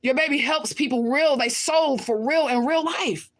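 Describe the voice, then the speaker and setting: A woman with a high-pitched voice, speaking at normal speed, responds to viewer comments on a casual livestream. She's blunt and confrontational, swears often, and repeats her points for emphasis.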